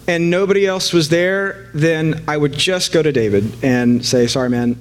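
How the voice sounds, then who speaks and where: A man's voice: a little high, normal speed. A man preaching a casual sermon to a live congregation, joking and conversational, with frequent fillers and restarts.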